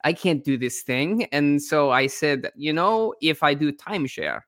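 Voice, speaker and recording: Brief: man doing a scheming raccoon tycoon, fake Russian-sounding accent, evasive, hesitant, voice a bit high. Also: big pitch swings, unhurried, a bit bright, dry recording, clean studio sound, exaggerated voice. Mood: shifty. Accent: put-on vague Russian-sounding accent. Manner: broken English, evasive and hesitant. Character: shady scheming male raccoon landlord tycoon. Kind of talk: improvised comedy character interview.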